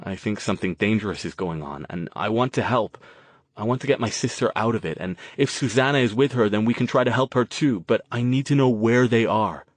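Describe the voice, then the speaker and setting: A man's voice: on the low side, a little fast, dry recording, natural voice. A male narrator voicing an earnest young man who speaks urgently, close to his own voice.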